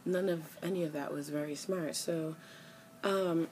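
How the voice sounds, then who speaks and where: A young woman tells a story to her camera in an exasperated rant. Her voice sits a little low, and it jumps up sharply when she imitates the other people in the argument. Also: fairly even intonation, unhurried, dark tone, slight background noise, low-quality recording. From New York. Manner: exasperated storytelling, acts out both sides of an argument in raised voices. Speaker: vlogger.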